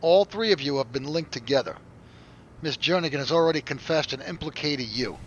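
An actor playing a confident lieutenant who briefs his team and runs an interrogation in a brisk, commanding way. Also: a little high, animated, dull audio, a little hiss or hum. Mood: pressing. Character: confident male defense force lieutenant.

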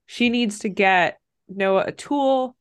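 A woman's voice: mid-range voice, takes it slowly, smooth. A woman co-hosting a podcast, casually recapping a film and acting out the characters' lines. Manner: animated, acts out characters' lines. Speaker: podcast co-host. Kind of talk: casual movie recap chat.

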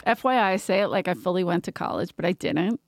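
A woman's voice: on the low side, fast, no echo. A middle-aged woman with a Philadelphia accent, hosting a casual comedy podcast chat and telling stories with laughs. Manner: laughing, animated storytelling. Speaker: podcast host.

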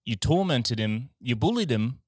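A man's voice: mid-range voice, animated, normal speed, a little mellow, husky, dry recording, clean studio sound. A man putting on an Australian accent to quote a teasing line about a bullied schoolboy. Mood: mocking. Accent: Australian, put on.

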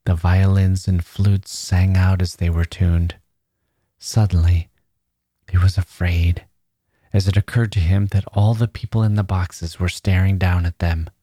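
A man narrating a classic short story in a measured audiobook reading, dropping to a soft whisper at tender moments. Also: low voice, flat delivery, no echo, clean studio sound.

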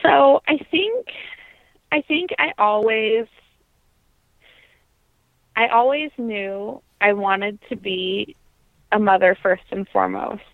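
A young woman, a trained singer, reflecting earnestly in an interview, pausing often with ums and restarts. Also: medium pitch, no room sound. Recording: dry, tinny phone-like line.

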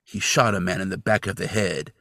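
A man's voice: low-pitched, fairly quick, dry recording, clean studio sound. A man co-hosting a podcast, recapping a TV episode's plot with wry jokes and mock disbelief at the characters. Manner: animated and wry, jokes and mocks the characters while narrating.

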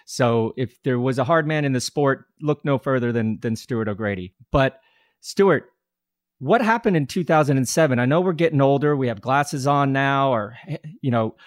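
A man's voice: medium pitch, lively intonation, normal speed, no echo, clean studio sound. A man in his forties hosting a podcast, talking in a rambling, friendly way with frequent restarts. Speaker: podcast host. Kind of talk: casual podcast chat.

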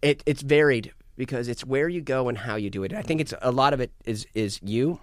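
A man's voice: medium pitch, fairly quick, dry recording, clean studio sound. Rambling, profane man musician. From United States. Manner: rambling, profane, restarts a lot. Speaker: podcast guest, musician. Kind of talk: casual chat.

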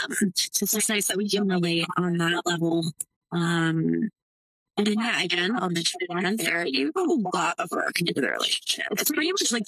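Young woman guest on a podcast, bright husky voice, super chatty, dry sound. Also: lowish voice, dry recording, poor audio. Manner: chatty, many likes and laughs. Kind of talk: casual interview chat.

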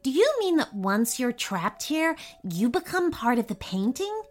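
A woman's voice: on the high side, measured pace, faint music behind. A woman voicing a kind, eager young boy in a storybook reading. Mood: excited. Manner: bright, nervous then excited.

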